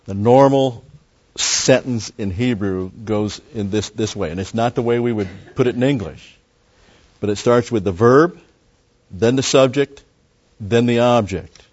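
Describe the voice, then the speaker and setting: A man's voice: mid-range voice, unhurried, a little mellow, slightly rough, lo-fi sound. A man preaching a Bible teaching sermon, explaining a passage step by step and repeating key phrases. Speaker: pastor.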